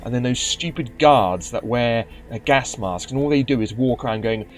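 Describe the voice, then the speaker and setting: A man's voice: medium pitch, normal speed, few pauses, faint music behind. A man giving casual gameplay commentary, grumbling and sarcastic, with stumbling restarts. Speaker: let's play commentator.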